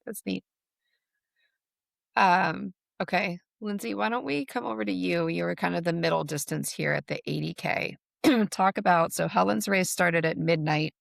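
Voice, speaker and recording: A woman hosting a podcast, asking thoughtful, measured interview questions. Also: fairly low pitch, creaky, dry recording, studio quality. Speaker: podcast host.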